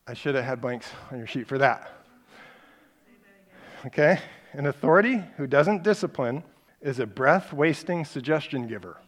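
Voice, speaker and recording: A man's voice: medium pitch, animated. A middle-aged man teaching a parenting class, telling stories in a conversational way and stressing his main points with repetition. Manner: conversational storytelling with emphatic repeated points; acts out parent and child lines in quick snippets.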